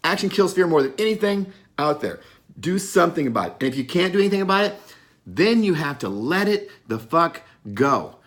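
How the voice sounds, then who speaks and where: A middle-aged motivational speaker gives an unscripted talk, blunt and profane, stressing his points and occasionally laughing at himself. His fairly high voice swings widely in pitch and moves fairly quickly.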